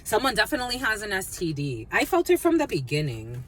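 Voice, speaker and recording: A woman giving a casual collective tarot reading, mixing personal stories with blunt, animated talk and plenty of swearing. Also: mid-range voice, quick pace. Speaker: tarot reader.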